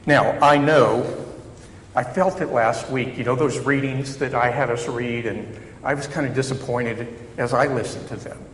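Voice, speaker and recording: A man's voice: mid-range voice, fairly even intonation, moderate pace, fairly bright tone. Man preaching a reflective sermon in an echoey hall. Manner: conversational and reflective, with self-deprecating humor. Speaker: chaplain preaching. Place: church sanctuary. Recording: echoey hall reverb, faint background noise.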